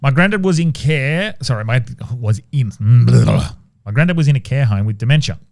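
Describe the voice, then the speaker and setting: A man co-hosting a podcast, reading listener ghost stories aloud in a relaxed, casual way and sometimes stumbling and restarting mid-sentence. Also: medium pitch, normal speed, creaky, no room sound. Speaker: podcast co-host.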